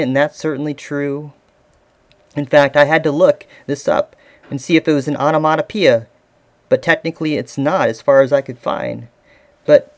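Guy pastor giving a sermon, earnest, lots of questions to the crowd. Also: fairly high pitch. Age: adult father. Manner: earnest, with rhetorical questions to the listeners.

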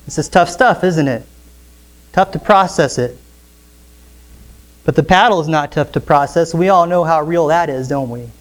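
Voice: mid-range voice, normal speed, long pauses. A pastor preaching an expository sermon in church, often asking the congregation rhetorical questions.

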